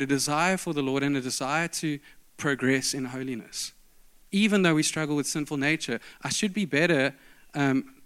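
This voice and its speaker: A man's voice: fairly high pitch, fairly bright tone, smooth. Man preaching an emphatic sermon. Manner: storytelling preacher, emphatic, varied delivery.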